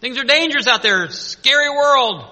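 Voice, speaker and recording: A man puts on a full character voice as a taunting male devil mocking frightened humans, pitched extremely high above his own voice, pushed and bright. His intonation is lively at a normal speed, with long hall reverb on the recording.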